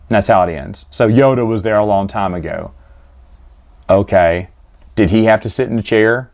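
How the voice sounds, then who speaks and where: A man talks through a casual review at a middle pitch. He rambles and loses his place, then throws in jokey, exasperated asides. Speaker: host reviewing stories.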